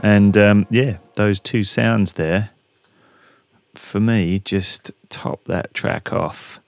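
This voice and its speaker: A man hosting a casual walkthrough in his home music studio, talking in a relaxed, rambling way with plenty of ums. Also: lowish voice, extremely slow, gravelly. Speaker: music producer and channel host. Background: music samples playing.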